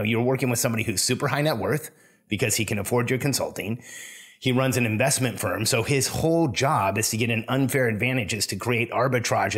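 Husky man telling a story with advice. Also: lowish voice, a bit bright. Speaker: podcast host. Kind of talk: solo podcast monologue.

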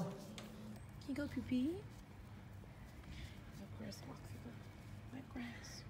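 A woman's voice: high voice, slow, pauses often. A woman vlogging casually, cooing baby talk at her dog and laughing often. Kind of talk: casual vlog talking to a pet. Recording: echoey room with noise.

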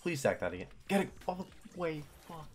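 A young man commentating his own slot stream, pleading with the game, swearing and getting excited. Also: a little high, a little fast. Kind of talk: live gambling stream commentary.

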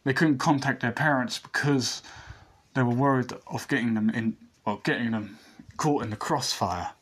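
A man with a husky voice reads a fan story aloud in a casual, rambling way. He restarts sentences and adds asides as he goes, at a medium pitch. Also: moderate pace.

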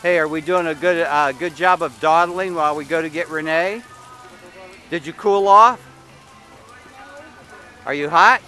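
A man's voice: fairly high pitch, unhurried, long pauses, pushed and bright, soft background music, low-quality recording. A man filming a child at an outdoor water park on a handheld camera, chatting and teasing playfully. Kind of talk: casual home video narration. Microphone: handheld camera mic.

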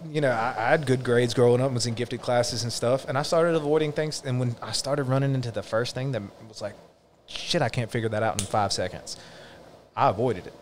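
A man hosting a podcast, talking in a reflective, earnest way in casual conversation. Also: mid-range voice. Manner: reflective, earnest, drawn-out musing. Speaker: podcast host.

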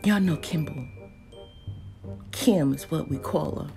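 A woman, chatting casually about deals in a lively vlog, with lots of exclaiming and laughing. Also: low voice, moderate pace, creaky, pauses often, over music. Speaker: deals vlogger. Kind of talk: casual live chat.

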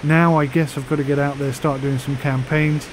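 A man chatting casually on a flight sim vlog, rambling with fillers and pausing through the hiccups. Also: a little high, level tone, a little hiss or hum, low-quality recording. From United Kingdom.

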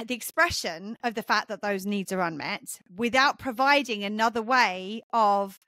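Woman with a higher voice, talking earnestly. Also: sharp tone, no echo. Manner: earnest, explanatory, many fillers and restarts. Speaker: podcast host and mentor. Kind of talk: casual podcast conversation.

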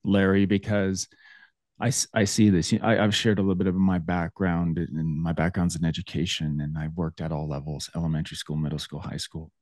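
A man's voice: low-pitched, little pitch movement, fairly quick, darkish tone, no room sound, studio quality. A man hosting a podcast in casual interview chat, earnest and affirming as he reflects on a guest's story. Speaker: podcast host.

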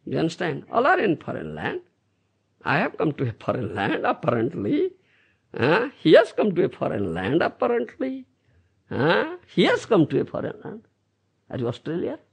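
A man's voice: a little high, wildly swooping pitch, moderate pace, creaky, husky. A man giving a scripture lecture as a spiritual teacher, repeating key phrases and keeping the room engaged with questions like "you understand?". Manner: teasing rhetorical questions to listeners. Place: Brisbane, Australia.

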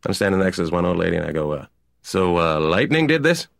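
A man voicing an offbeat comedian patient in an animated sitcom, telling absurd, rambling stories in a deadpan way. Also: deep voice, fast, vocal fry, no room sound, clean studio sound, full character voice. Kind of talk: stand-up comedy monologue.

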